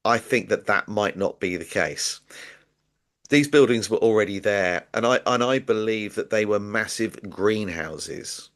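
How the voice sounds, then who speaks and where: A man's voice: fairly low pitch, animated, measured pace. A man, a guest author in an interview, explaining his ideas casually with hesitant repeated words.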